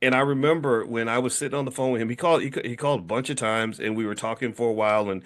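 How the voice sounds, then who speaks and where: A man's voice: medium pitch, rapid-fire. Rambling middle-aged man, many restarts. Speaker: host, founder of a business school. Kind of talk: casual conversation.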